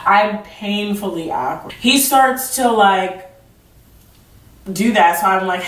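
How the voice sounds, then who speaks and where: A woman's voice: medium pitch, measured pace, long pauses, fairly bright tone. A young woman telling a storytime vlog in a chatty, goofy way, full of "like". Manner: chatty, filler-heavy 'like'; self-described awkward and goofy. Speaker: vlogger. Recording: roomy sound from a distant mic.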